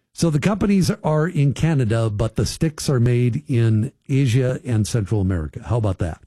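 A man hosting a talk radio show from a studio, chatting with listeners in a loose, folksy way. His voice sits on the darker, mellow side with a husky edge. The sound is close and dry. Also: medium pitch, no echo. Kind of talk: casual radio talk commentary.

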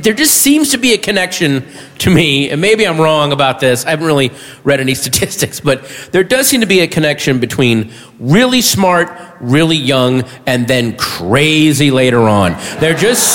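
A man doing a stand-up comedy set, animated and bursting into shouted punchlines, on a stage before an audience. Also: a little high. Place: large hall with audience. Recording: live hall with crowd noise.

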